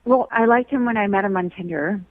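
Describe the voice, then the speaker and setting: A woman's voice: mid-range voice, a little fast, no room sound. A woman calling into a radio show, blunt and sarcastic, heard over a muffled phone line. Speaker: caller. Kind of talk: radio call-in chat.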